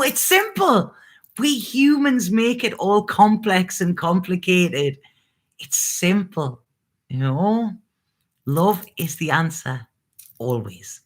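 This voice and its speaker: A woman who reads tarot, talking to her viewers in a casual, earnest live stream about love and purpose, laughing easily and swearing now and then. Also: sits low. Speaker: tarot reader hosting a live reading.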